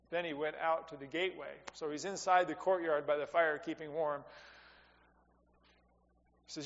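A man giving a sermon as a pastor, talking conversationally, rising for emphasis and dropping to quiet asides. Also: fairly high pitch, fairly quick. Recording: dull sound with long reverb in a hall.

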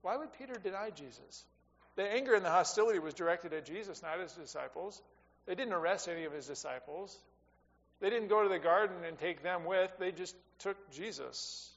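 A man giving a sermon as a pastor, talking conversationally, rising for emphasis and dropping to quiet asides. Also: high-pitched, animated, a little fast. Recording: dull sound with long reverb in a hall.

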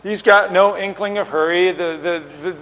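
A man preaching a sermon, explaining with lively rhetorical questions and acting out quoted lines. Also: high-pitched, moderate pace, big-room sound, rough recording. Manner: animated teaching, voices rhetorical questions and acts out quotes.

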